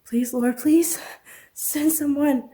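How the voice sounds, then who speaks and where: A woman's voice: mid-range voice, a little slow, creaky, warm tone. A woman reading a frightened, injured young woman in an audiobook, praying desperately and speaking weakly. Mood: desperate prayer. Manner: desperate praying, weak and shaky. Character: injured young woman in water, fearful and prayerful.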